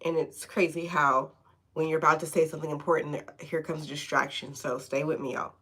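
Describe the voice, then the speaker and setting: A woman's voice: low voice, level tone, a little fast, fairly bright tone, breathy edge. A woman giving a casual live tarot reading from home, chatty and often checking in with "okay?". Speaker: tarot reader.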